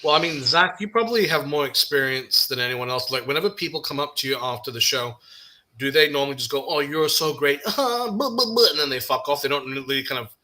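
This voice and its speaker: A man's voice: medium pitch, fast, pushed and bright. A man co-hosting a casual chat, joking and encouraging, often stumbling over his words.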